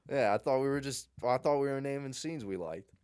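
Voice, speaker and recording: A man's voice: medium pitch, a little fast, darkish tone, clear, resonant tone. A young adult man co-hosting a podcast in casual chat, joking crudely and laughing often. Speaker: podcast co-host.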